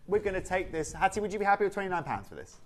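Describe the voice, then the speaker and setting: A woman's voice: mid-range voice, very animated, racing. A woman presenting jewellery on a live shopping channel, chatty and persuasive, speaking from a TV studio. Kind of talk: live TV sales pitch.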